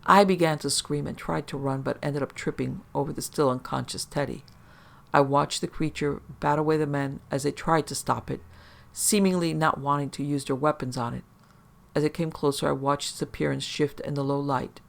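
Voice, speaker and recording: Gravelly man reading a horror story. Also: fairly high pitch. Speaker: narrator.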